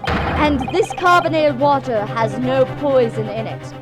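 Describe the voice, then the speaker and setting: A woman's voice: high-pitched, animated, unhurried. A formal male police inspector, voiced by a woman. He reports in clipped, official phrasing. Game music plays in the background.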